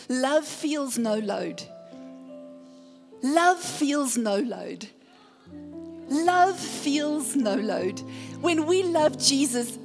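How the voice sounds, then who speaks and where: A woman pastor delivering a sermon in a high, bright register, taking her time over each phrase. She retells the story dramatically and keeps turning to the congregation for a response. Her voice rings through a long church reverb with faint music underneath. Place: church sanctuary.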